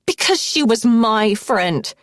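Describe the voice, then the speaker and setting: A woman narrator plays a ruthless young woman who talks in clipped, forceful bursts, pitched a little above the reader's own gravelly, husky voice. The reading is audiobook dry, close and plain. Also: animated, normal speed, no room sound. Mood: snarling.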